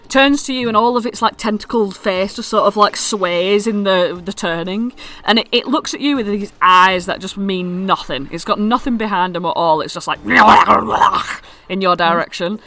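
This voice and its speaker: A woman's voice: medium pitch, moderate pace, sharp tone. A woman acting as dungeon master, explaining the scene in a chatty way and correcting herself as she goes. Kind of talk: running a tabletop game.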